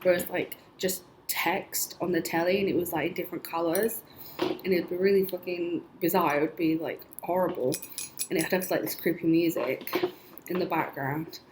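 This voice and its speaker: A woman's voice: on the low side, steady tone, moderate pace. A young woman vlogging, telling her dreams in a rambling, chatty way full of "like" and little laughs. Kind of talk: casual storytelling. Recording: echoey room with faint noise.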